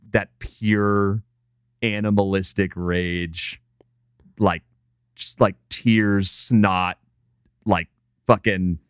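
A man with a very low, smooth, resonant voice, recorded close and dry. He chats casually and profanely, piling up fillers as he retells a scene. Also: dry recording. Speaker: podcast co-host. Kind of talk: casual chat.

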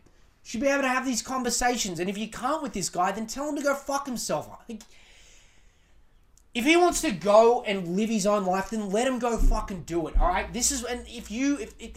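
Blunt, profane podcast host giving advice. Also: male voice, sits high. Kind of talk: casual advice rant.

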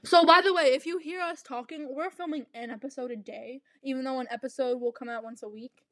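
High-pitched chatty young woman. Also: dry recording. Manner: chatty, quick asides, playful. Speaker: podcast co-host. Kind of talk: casual chat.

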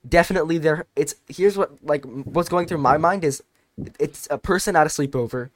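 A teenage man casually telling a long story on a podcast, rambling and animated, with many restarts. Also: on the high side, moderate pace, dry recording. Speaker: podcast co-host.

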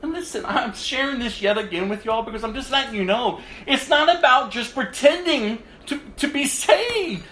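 A man preaching his testimony with a high, animated voice that swings between hushed and loud. His tone is bright, and the sound carries the echo of a roomy space with faint ambience behind it. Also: moderate pace, hardly any pauses. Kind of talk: sermon testimony.

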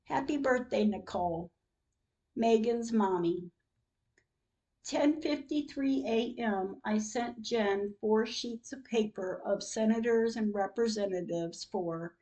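A woman hosting a podcast, reading her diary entries aloud in a slow, earnest, heartfelt way. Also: fairly high pitch, mellow, low-quality recording.

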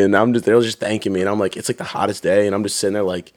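A young man telling stories in a casual chat, animated and swearing, acting out drill instructors. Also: lowish voice, racing, no room sound. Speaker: guest.

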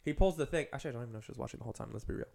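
A man chats casually as a podcast co-host. He talks at a brisk clip and rambles from one thought to the next, filling the gaps with "like" and "um". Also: medium pitch, gravelly, darkish tone. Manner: rambling, heavy use of "like" and "um".

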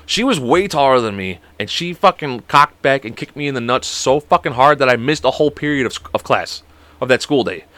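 A man's voice: mid-range voice, a little fast, no room sound. A young man spins a rambling, profane story with his voice rising and falling all over. He hosts a casual podcast and talks into a close mic with a dry, dead sound. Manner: swearing, rambling, animated. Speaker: podcast host.

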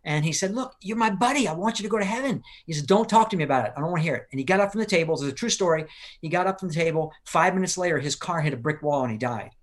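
An older man speaks quickly in a rather high, lively voice, earnestly sharing a personal testimony during a live-streamed interview. He sounds urgent and acts out the people he quotes.

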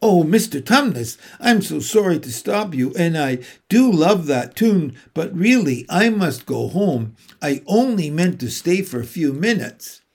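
A man's voice: fairly high pitch, sing-song, measured pace, hardly any pauses, darkish tone, slightly rough, heavily acted. A man voicing an earnest, kind young girl in a storybook reading, pleading with a friend.

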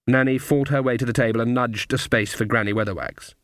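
Brief: male audiobook narrator, wry and measured, dry studio sound. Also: mid-range voice, fairly even intonation, a bit bright, no echo. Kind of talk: scripted narration.

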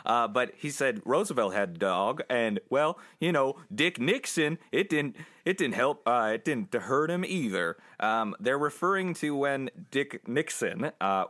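A man's voice: medium pitch, a bit bright. A man casually recapping an old film's plot for his co-hosts, rambling with restarts and frequent laughs. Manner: rambling, laughs often, puts on quick voices for quotes. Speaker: podcast co-host summarizing a film. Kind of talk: casual chat.

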